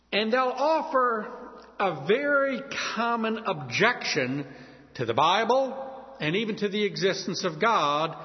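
A male pastor preaching a sermon with a dramatic delivery, slowing down to stress key words. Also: high-pitched. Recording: long reverb, dull lo-fi sound.

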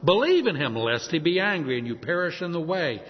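A man's voice: a little high, very animated, a little fast, slightly rough. A man preaching a sermon, reading scripture aloud and explaining it verse by verse. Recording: echoey hall, dull lo-fi sound.

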